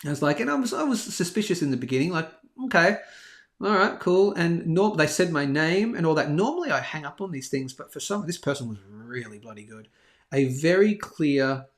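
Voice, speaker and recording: A man's voice: a little high, sing-song, brisk. A man hosts a casual live stream and rambles through a story about himself. He keeps mocking his own mistakes as he goes, in loose, conversational chat. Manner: chatty, self-deprecating, rambling storyteller. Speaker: host of a daily live bullion show. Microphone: live stream over a phone hotspot.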